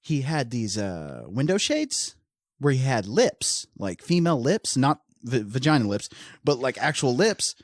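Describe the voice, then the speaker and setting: Animated, joking male podcast host. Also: medium pitch, a little slow, no room sound, clean studio sound. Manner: joking and laughing often, animated. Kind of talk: casual true-crime podcast storytelling.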